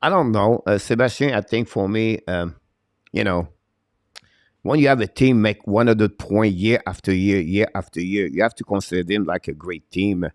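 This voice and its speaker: A man hosting a live hockey show, answering viewers in a halting way with many fillers and broken grammar. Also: lowish voice, no room sound, clean studio sound.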